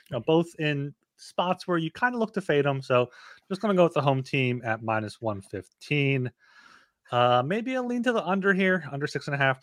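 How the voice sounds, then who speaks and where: A man co-hosting a betting podcast, giving measured, stat-heavy analysis. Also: mid-range voice, fairly bright tone, no room sound, studio quality. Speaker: podcast co-host, bettor.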